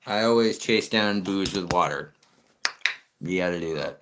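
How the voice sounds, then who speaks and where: A man's voice: low voice, measured pace, noisy background. A young man, chatting bluntly and profanely as he answers his livestream comments. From United States. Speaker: live streamer. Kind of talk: casual livestream chat reading comments.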